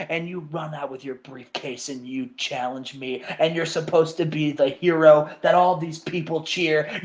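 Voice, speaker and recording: A man voicing a disheveled, bitter wrestling villain with a low, brooding, resentful delivery. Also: natural voice.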